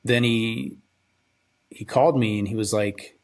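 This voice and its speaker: A young man hosting a podcast, telling a personal story in a halting, subdued, grieving way, often trailing off and repeating words. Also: fairly low pitch, fairly even intonation. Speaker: podcast host.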